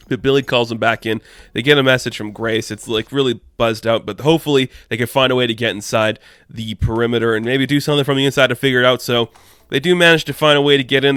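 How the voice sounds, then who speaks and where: A man's voice: mid-range voice, a bit bright, clean tone, no echo. A man giving a casual comic book review, chatty and loose, full of "like" and "you know".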